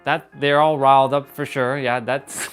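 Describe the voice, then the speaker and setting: A man hosting a fitness livestream, talking in a casual, animated, rambling way and swearing freely. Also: mid-range voice, measured pace, clean tone, soft background music. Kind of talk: casual motivational livestream talk.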